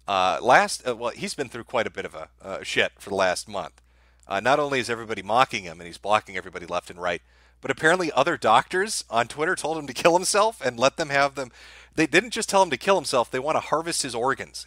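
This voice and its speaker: A man hosting a livestream, reading out viewer messages and answering them in a sardonic, deadpan way with plenty of swearing. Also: medium pitch, no room sound. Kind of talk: casual livestream commentary.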